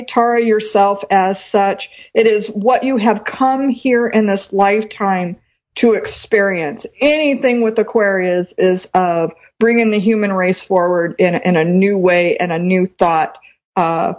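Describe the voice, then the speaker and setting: A woman's voice: medium pitch, measured pace. A woman astrologer giving a live reading on the radio, explaining as she goes and stopping to rephrase. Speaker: astrologer and reverend. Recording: dull lo-fi sound.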